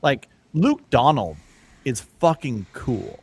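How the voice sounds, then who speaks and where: A male podcast host who chats casually and rambles, cracking jokes and laughing often. His voice sits at an ordinary pitch and comes across very dry and close. There is no room sound around it. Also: big pitch swings, slow, darkish tone, husky, dry recording. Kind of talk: casual chat.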